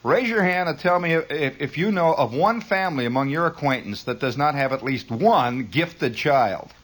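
A man's voice: fairly high pitch, expressive, normal speed, a bit bright. A man hosting a radio show, talking in a wry, sardonic, rambling monologue full of asides. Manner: wry, sardonic, digressive, mock-grandiose asides. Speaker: radio host. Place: radio studio.

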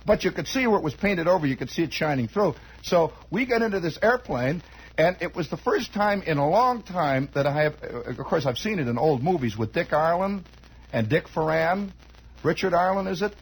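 A man with a high, strikingly husky voice tells a rambling comic story. He drifts into asides and starts sentences over, keeping a chatty, conversational flow. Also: big pitch swings, moderate pace, poor audio. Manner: digressive, chatty, many asides and restarts.

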